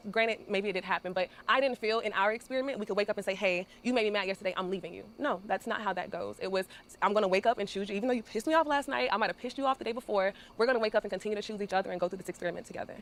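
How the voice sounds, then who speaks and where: Rapid-fire woman contestant. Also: medium pitch. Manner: insistent, recounts events in rapid detail. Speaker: reality show contestant. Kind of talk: emotional reunion confrontation.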